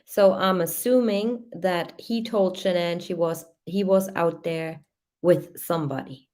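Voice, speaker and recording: Host type: unhurried woman with a lowish voice, reads records and muses aloud between them. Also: darkish tone. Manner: reads timeline aloud with hesitant asides and fillers. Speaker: true crime channel host. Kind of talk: reading and commenting on case records.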